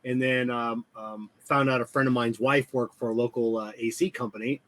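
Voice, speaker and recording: A man's voice: medium pitch, steady tone, moderate pace, a bit bright, a little hiss or hum. A man in casual podcast chat, telling rambling anecdotes and acting out what workers told him. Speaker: podcast co-host.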